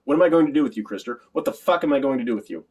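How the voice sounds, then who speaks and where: A man's voice: lowish voice, fast talker, lightly acted. A man reading as a short-tempered middle-aged father who curses and barks rhetorical questions. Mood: furious.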